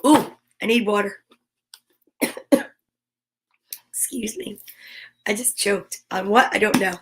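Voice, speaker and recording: A woman's voice: mid-range voice, slow, slight background noise. A woman hosting storytime, reading a picture book aloud with playful, chatty asides. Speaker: storytime host.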